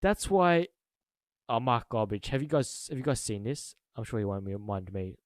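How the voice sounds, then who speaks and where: Excitable man with a very dry sound. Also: mid-range voice, moderate pace, no echo. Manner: excitable, repeats exclamations, bursts of loud laughter. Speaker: football fan YouTuber. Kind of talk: excited reaction vlog.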